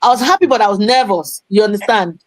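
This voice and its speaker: A woman tells her story as an interview guest, animated and expressive, and slips Yoruba phrases into her English. Her voice sits at a middle pitch and sounds dry and close. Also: fast, dry recording, poor audio. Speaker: interview guest, playwright and promoter.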